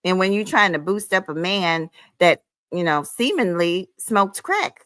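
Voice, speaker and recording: A woman's voice: fairly low pitch, expressive, measured pace, fairly bright tone, dry recording. A woman hosting her own livestream, ranting heatedly in a sassy, profane, scolding way, calling listeners honey and child. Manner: emphatic, with frequent "honey" and "child". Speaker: livestream host.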